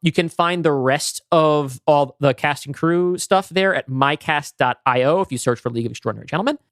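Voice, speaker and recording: A man's voice: fairly high pitch, fairly quick, fairly bright tone, dry recording, studio quality. A young man co-hosting a podcast, reading listener mail in a casual, chatty way. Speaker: podcast co-host.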